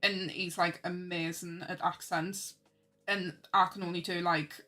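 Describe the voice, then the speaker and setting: A woman's voice: lowish voice, little pitch movement, a little slow, pushed and bright, soft background music. A young woman, chatting casually on a stream while she draws, self-mocking and laughing often as she answers chat.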